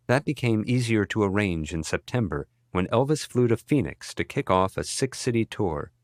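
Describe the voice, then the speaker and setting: Male audiobook narrator, low voice, dry close sound, measured read. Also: no room sound. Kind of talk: scripted narration.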